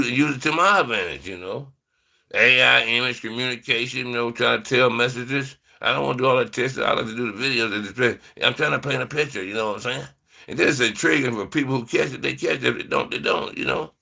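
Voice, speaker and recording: A man with a gravelly, forceful voice muses aloud to his viewers in a relaxed, rambling way, drifting from one thought to the next. He fills his talk with "man" and "you know". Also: mid-range voice. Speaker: vlogger. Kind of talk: rambling casual monologue to viewers.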